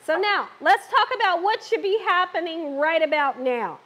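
Chatty high-voiced woman host. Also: moderate pace, sharp tone, a little hiss or hum. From Southern United States. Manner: chatty, talks to viewers and reads comments; laughs often. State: getting over an illness. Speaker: cooking show host. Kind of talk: live cooking stream. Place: home kitchen.

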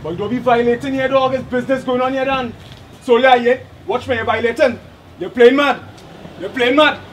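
A man's voice: extremely high pitch, steady tone, fast, slight background noise. An actor with a Trinidadian accent playing a man who warns intruders off his business spot. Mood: confrontational. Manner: warning, confrontational.

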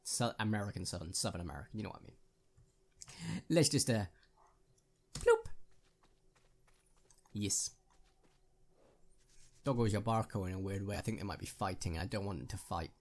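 A man's voice: on the low side, a little fast, pauses often. A man hosting a gaming channel, giving casual, jokey commentary on his own gameplay and chatting with viewers.

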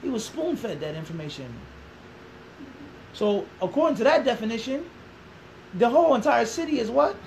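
A man's voice: very high-pitched, expressive, moderate pace, creaky, pauses often, a little mellow, slight background noise, rough recording. A man in his thirties with a Philadelphia accent, giving an interview that turns into a lecture, asking the room rhetorical questions and repeating his points. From Philadelphia, USA. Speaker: interviewed Islamic teacher.

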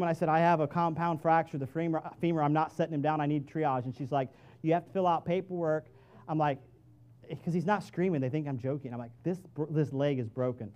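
In a church sanctuary, a middle-aged preacher delivers his sermon in a strikingly high voice. He chats with the congregation as a friend would, dropping to hushed asides and then building to loud, forceful climaxes.

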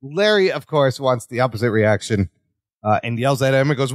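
A man's voice: mid-range voice, normal speed, dry recording, studio quality. A man co-hosting a podcast, chatting casually and acting out lines from an episode with frequent laughs. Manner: animated, laughs often, acts out quotes. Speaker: podcast co-host. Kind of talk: casual recap chat.

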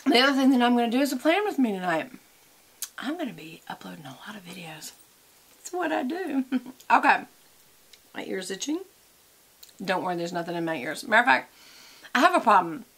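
A woman's voice: on the high side, big pitch swings, fairly quick, long pauses, fairly bright tone. Chatty woman vlogging makeup. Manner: chatty, rambling, talks while applying makeup and eating. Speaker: beauty and lifestyle vlogger. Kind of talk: casual makeup and chat vlog.

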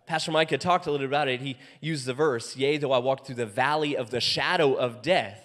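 A man preaching as pastor in a church, animated and acting out quoted voices, often soft and then loud. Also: medium pitch, fairly quick, hardly any pauses. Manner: animated, acts out quoted voices with big swings in loudness. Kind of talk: sermon. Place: church auditorium. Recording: long hall reverb.

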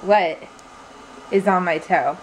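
A woman's voice: lowish voice, slow. A young woman from Florida chatting casually in a vlog, laughing often and getting emotional. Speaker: vlogger. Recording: noisy phone-camera audio.

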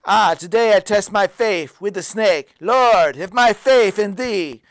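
Man putting on a leprechaun, Irish brogue, boastful, high-pitched, dry old public access tape. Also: unhurried, dry recording. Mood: mock-solemn. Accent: put-on Irish. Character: boastful male leprechaun wrestling champ, jokey. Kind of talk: public access comedy show clip.

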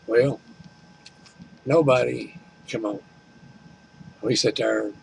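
Older man with a gravelly voice, telling a folksy, complaining home-vlog story. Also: mid-range voice, fairly even intonation, normal speed, long pauses, a little hiss or hum, poor audio. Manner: folksy, complaining, retells conversations. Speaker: vlogger. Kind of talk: rambling storytelling.

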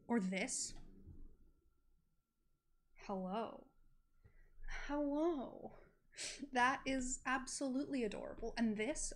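Giggly young woman streaming a game. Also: fairly high pitch. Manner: giggly, chatty, coos at game characters. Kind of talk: casual gameplay commentary.

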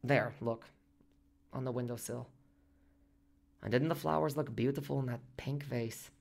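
A man's voice: mid-range voice, fairly even intonation, normal speed, gravelly. A man voicing an elated young woman patient in a radio play, who talks in eager, breathless exclamations and questions.

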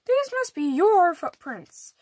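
A woman's voice: very high voice, big pitch swings, slow, darkish tone, no room sound, pitched above the performer's own voice, heavily acted. A woman voicing a friendly, polite male wolf in a picture-book reading, speaking eagerly and courteously.

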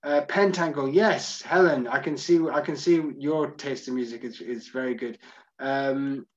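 A man's voice: mid-range voice, measured pace, lo-fi sound. A man hosting a virtual tour, chatting through audience comments one by one and owning up when he is unsure. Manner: chatty, self-deprecating, answers comments one by one. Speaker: tour guide. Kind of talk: live Q&A reading audience comments.

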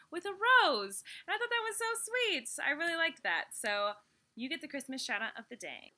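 A woman's voice: sits high, sing-song, brisk, pushed and bright. A woman in her twenties chatting in a bubbly, giggly way on her daily vlog. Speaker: vlogger. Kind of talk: casual vlog chat.

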